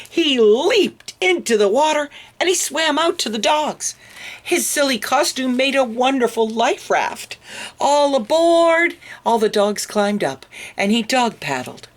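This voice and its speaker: Slow, expressive woman reading a picture book. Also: lowish voice. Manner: expressive, with asides to young listeners. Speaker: storytime reader.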